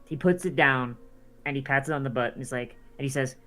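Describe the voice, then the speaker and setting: A man's voice: mid-range voice, a little fast, a bit bright. A man narrating as dungeon master, talking loosely with many fillers and restarts. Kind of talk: narrating a tabletop game.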